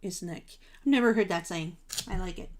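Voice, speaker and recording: A woman's voice: fairly low pitch, a little fast. A woman hosting a live crafting stream, chatting casually with viewers, gushing over supplies and laughing at herself. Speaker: craft livestream host.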